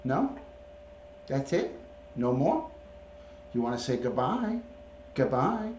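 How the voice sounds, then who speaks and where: Speaking slowly but very animatedly in a mid-range voice, a man runs a casual livestream, greeting viewers by name and coaxing his pet with baby talk. His device or camera mic, not a clip-on, gives roomy, dull lo-fi sound with background noise.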